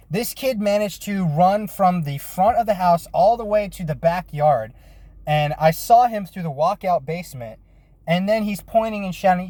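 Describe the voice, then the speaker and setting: Man, bounty hunter recounting a chase, swears freely, slightly raised pitch, dead dry recording. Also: no echo. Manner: lively retelling with swearing and restarts. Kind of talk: casual storytelling vlog.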